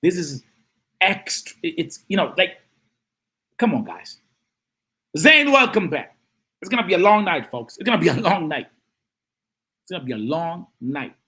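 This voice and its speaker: A man hosting a live-stream of political commentary, animated and emphatic, who repeats phrases and greets and reads out chat comments. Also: on the high side, normal speed, long pauses, husky.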